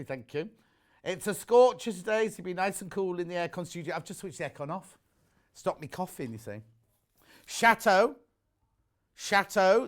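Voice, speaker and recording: A middle-aged man from the UK presenting fabric bundles on a live shopping channel, chatting in a rambling way full of jokey asides. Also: high voice. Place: warm studio with the shutter doors open.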